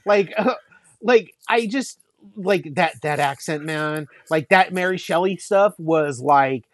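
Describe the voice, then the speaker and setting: A man talking about movies in loose casual chat, his voice sitting a little high. He rambles and restarts, full of fillers. The sound is dry and close. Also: takes it slowly, no room sound. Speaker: podcast co-host.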